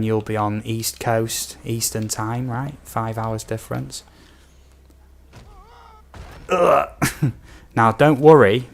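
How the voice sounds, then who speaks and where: A young British man chatting casually on a game stream, reading out viewer questions with lots of ums and asides. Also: on the low side. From United Kingdom. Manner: rambling, reads out viewer comments with many ums. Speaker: gaming streamer. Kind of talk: casual live-stream chat.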